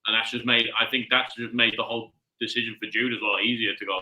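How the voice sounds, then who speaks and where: A man's voice: medium pitch, flat delivery, fast, sharp tone. A man in a casual live-stream chat, rambling and searching for words. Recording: echoey room.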